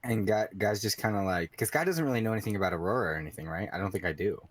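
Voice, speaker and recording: A man playing a tabletop game, talking in a relaxed, hesitant way. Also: on the low side, very fast, no room sound. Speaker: player. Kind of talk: casual tabletop game play.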